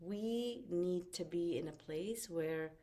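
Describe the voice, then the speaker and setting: Expressive woman life coach. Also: slow pace. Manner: expressive, with lively swings in pitch and loudness. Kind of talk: motivational webinar talk.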